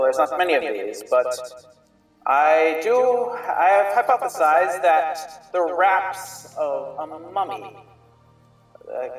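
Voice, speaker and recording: A man's voice: a little high, pitched above the performer's own voice. A man voicing a shrewd, formal male merchant alchemist who speaks in stilted, hesitant phrases. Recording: roomy sound, distant mic, faint music.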